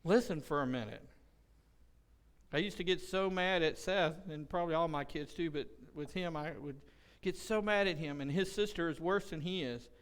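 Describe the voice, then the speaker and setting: A man preaching a sermon as pastor in a church, impassioned, getting loud when he acts out what someone would say. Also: fairly high pitch, normal speed, hardly any pauses, clean tone. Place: church sanctuary. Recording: long church hall reverb.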